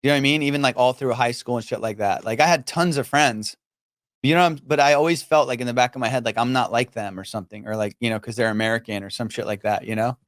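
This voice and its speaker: A man's voice: mid-range voice, fast, dry recording, studio quality. A man from Iran, a comedian guest in a casual podcast chat, talking loosely with lots of swearing and filler phrases. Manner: loose and profane, many fillers like you know.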